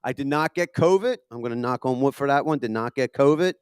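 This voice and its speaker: A man's voice: mid-range voice, brisk, smooth, no room sound, studio quality. A man in his thirties with a Philadelphia accent doing a profane, self-deprecating stand-up comedy set. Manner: profane, self-deprecating, punchy delivery with lots of swearing. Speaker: stand-up comic. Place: comedy venue with a live audience.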